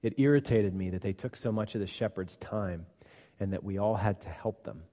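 Man doing a calm wise boy sheep from a kids book, quiet and low, hall echo. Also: moderate pace, lightly acted. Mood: gentle. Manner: quiet, calm storybook reading. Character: gentle wise male sheep, patient teacher.

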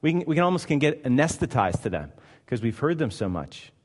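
A man's voice: mid-range voice, very animated, fairly quick. A male pastor delivering a sermon, emphatic and conversational, firing off rhetorical questions. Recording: long hall reverb.

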